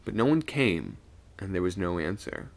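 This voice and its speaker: A man reading a spooky sea story aloud on a live stream, animated, with small stumbles and self-corrections. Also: low-pitched, moderate pace, creaky.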